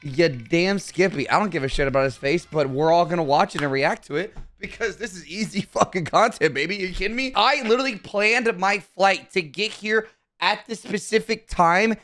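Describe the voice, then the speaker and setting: A young man streaming a live reaction, loud and profane, swinging between hyped yelling and sarcastic mumbling. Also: high voice, normal speed.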